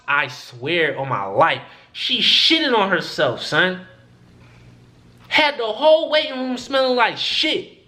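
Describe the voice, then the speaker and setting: A man's voice: high-pitched, measured pace. A young man telling a story to the camera in casual, profane storytelling, acting out what people said. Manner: animated, profane, acts out quoted voices. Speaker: vlogger.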